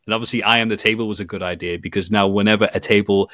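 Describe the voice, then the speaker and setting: A man's voice: fairly low pitch, racing, no echo, studio quality. A man telling stories in a casual podcast chat, acting out quotes with bursts of laughter. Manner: animated storytelling with voiced quotes and laughs. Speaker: podcast guest, video maker.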